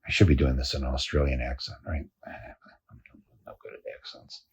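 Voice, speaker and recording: An older American man hosting a podcast, delivering a deadpan satirical monologue and chuckling at his own jokes. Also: rumbling low, moderate pace, husky. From United States. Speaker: podcast host.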